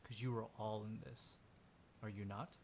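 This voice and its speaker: A man voicing a weary, exasperated male crew contact in a tabletop game, muttering low and slow in disgust. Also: fairly even intonation, gravelly, a little hiss or hum.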